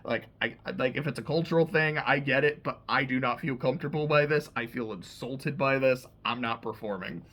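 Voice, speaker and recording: Bright-voiced man casually recapping TV. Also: medium pitch, fairly quick, hardly any pauses. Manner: loose and profane, heavy use of "like". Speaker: TV show reviewer.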